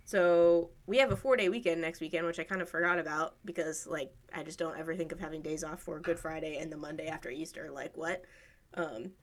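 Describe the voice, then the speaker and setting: A woman in casual conversation, telling stories with lively quoted voices. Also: fairly quick. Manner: animated storytelling, voices quotes higher. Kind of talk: casual chat.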